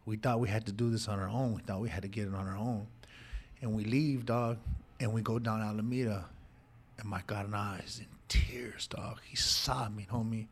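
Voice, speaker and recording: A man's voice: on the low side, steady tone, moderate pace, slight background noise. Heartfelt man telling his story in slang. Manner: street slang, heartfelt, calls listener dog and homie. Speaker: guest sharing his life story. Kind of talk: emotional personal storytelling.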